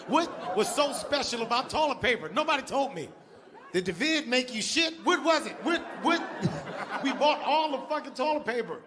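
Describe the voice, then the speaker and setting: A man performing a stand-up comedy set, loud and animated, shouting his punchlines. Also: very high-pitched, normal speed, noisy background.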